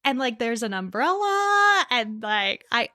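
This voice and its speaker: A woman's voice: on the high side, big pitch swings, a little slow, bright, forceful tone, no echo, studio quality. A woman co-hosting a podcast, chatting casually about films, laughing often and acting out quotes. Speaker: podcast co-host.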